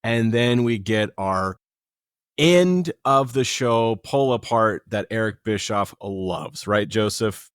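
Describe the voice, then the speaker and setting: A man co-hosting a casual podcast, excitable and joking, swearing freely. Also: fairly low pitch, takes it slowly, clear, resonant tone, no echo, studio quality. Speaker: podcast co-host. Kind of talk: casual chat.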